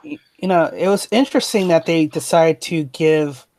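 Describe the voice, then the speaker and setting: A man's voice: a little high, expressive, moderate pace, darkish tone. A talkative man in a casual chat who argues his points at length. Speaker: co-host.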